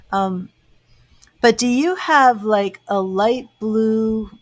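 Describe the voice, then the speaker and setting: A woman doing a live-stream psychic reading, halting and searching as she relays what she senses. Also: fairly high pitch, no room sound. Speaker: psychic medium.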